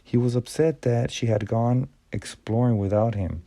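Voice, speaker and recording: A man narrating an audiobook in a measured reading style with small stumbles and restarts. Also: medium pitch, mellow, no echo.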